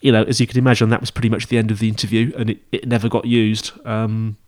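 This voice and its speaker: A man's voice: fairly low pitch, flat delivery, fast talker, darkish tone. A man hosting a podcast, giving informal advice on interviewing in a rambling, chatty way with many fillers and restarts. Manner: chatty, rambling, with frequent fillers and self-corrections. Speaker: podcast host teaching interview skills. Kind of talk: casual instructional monologue.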